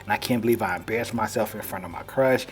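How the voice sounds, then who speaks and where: A man's voice: fairly low pitch, fast talker, lightly acted. A man voicing an anxious, socially awkward teenage boy who stammers nervously as he talks to himself. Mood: worried. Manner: nervous, stammering self-talk.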